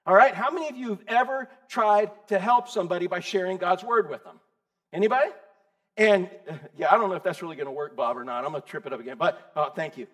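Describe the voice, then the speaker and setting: Guy preaching, pretty high voice, jokey and chatty, keeps asking folks questions. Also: fast, a bit bright. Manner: joking, quizzes and calls on listeners by name. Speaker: pastor. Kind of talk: casual conversational sermon. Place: church service with congregation.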